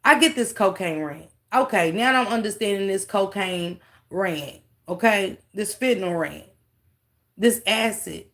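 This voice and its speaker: A woman's voice: mid-range voice, animated, a little slow, a bit bright. A woman hosting a casual livestream, mocking a clip she reacts to and talking straight to her viewers with laughing asides. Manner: talks straight to chat, thanks viewers.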